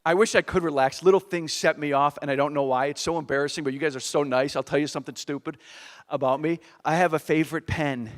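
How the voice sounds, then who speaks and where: A middle-aged man performing live stand-up comedy on a theater stage, animated and exasperated, with audience laughter behind him. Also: a little high, fast, hardly any pauses. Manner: animated, acts out exasperated voices.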